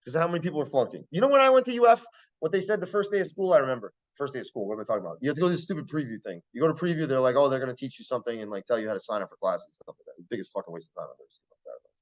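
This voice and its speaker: Blunt, profane male lecturer, lively pitch. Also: racing, lo-fi sound. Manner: blunt, profane, keeps checking the class understands. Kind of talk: casual classroom lecture.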